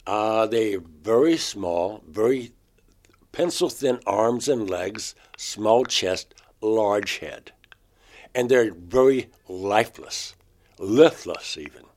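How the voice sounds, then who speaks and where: A man, a painter, recounting a strange personal experience in an interview, halting and restarting mid-phrase, his voice climbing sharply when he quotes himself. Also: on the low side, animated, a little mellow.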